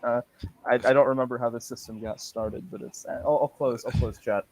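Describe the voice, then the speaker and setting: A man's voice: mid-range voice, steady tone, fairly quick, a little mellow, low-quality recording. A man hosting a casual late-night stream, reading a text game aloud with frequent laughs and restarts. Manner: laughs often, stumbles and restarts while reading.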